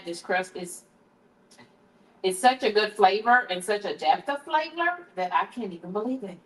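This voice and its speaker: Her medium-pitched voice is animated and moves at a normal speed as she hosts a relaxed kitchen livestream, tasting dishes and bantering with viewers. She sometimes turns to a hushed prayer, picked up in roomy sound by a distant camera mic.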